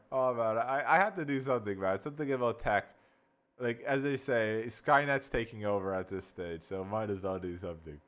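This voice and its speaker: A man casually reviewing AI video software, rambling and excitable, swearing and saying bro. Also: medium pitch, normal speed. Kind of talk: casual screen-recording review.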